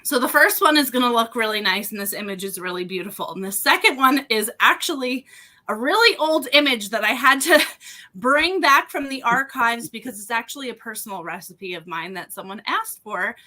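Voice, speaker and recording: A woman with a higher voice, lively intonation and a sharp tone speaks at a moderate pace while co-hosting a casual live podcast over a video call. She sells wine and co-hosts fundraisers, and she comes across chatty and upbeat, slightly out of breath, dropping plenty of ums and you-knows.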